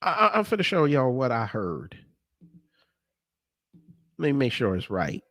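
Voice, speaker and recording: A man's voice: mid-range voice, wildly swooping pitch, a little slow, fairly bright tone, dry recording, clean studio sound. Exasperated, stammering male commentator. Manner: exasperated, sarcastic, stammering restarts. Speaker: commentary vlogger. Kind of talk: reaction commentary.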